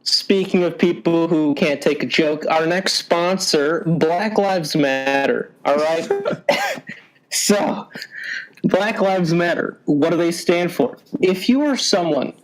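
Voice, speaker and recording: A man's voice: on the high side, slow pace, rough recording. A young man hosting a casual podcast. He talks in a mock-serious, ironic way, often stumbling and breaking into laughter. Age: young adult. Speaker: podcast host.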